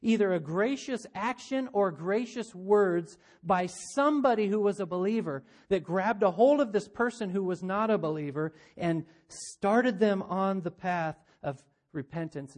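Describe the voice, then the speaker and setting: A man delivers a sermon in a high, light voice. He preaches earnestly, asking his listeners rhetorical questions and slipping into the voices of imagined people. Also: a little slow, darkish tone. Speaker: pastor.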